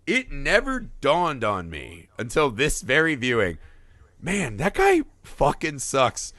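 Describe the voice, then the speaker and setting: A man's voice: medium pitch, slow, no echo. A man co-hosting a film podcast, talking casually and profanely and acting out characters. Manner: profane, animated, acts out impressions. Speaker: podcast co-host.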